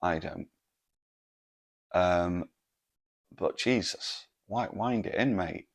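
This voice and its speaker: Host, man, low gravelly voice, exasperated, swears constantly. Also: drawn-out words. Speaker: podcast host. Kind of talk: solo comedic podcast rant.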